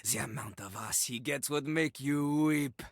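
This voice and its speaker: A man's voice: medium pitch, a little slow, creaky, dry recording, clean studio sound. An actor voicing a cocky, boastful male toilet character in a game, rapping in rhyme and hyping himself up.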